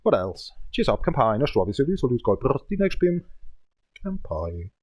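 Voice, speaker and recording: A man's voice: mid-range voice, very animated, normal speed, a little mellow, no room sound. A man in his thirties giving rambling, complaining gameplay commentary in broken English. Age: 30s. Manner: speaking with a cigarette in his mouth. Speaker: gaming channel host.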